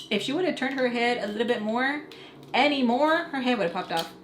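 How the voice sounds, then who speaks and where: Fast-talking young woman vlogger, echoey room. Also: on the high side. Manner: animated, chatty, frequent "like" fillers. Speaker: vlogger telling a personal story. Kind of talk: casual storytime narration. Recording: roomy echo with faint background noise.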